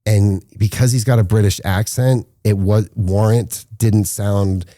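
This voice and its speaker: Brief: male filmmaker guest, low dark voice, lively storyteller acting out quotes, dry close mic. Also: a little slow, no echo. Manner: animated storyteller, acts out quotes with rising pitch. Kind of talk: casual podcast interview storytelling.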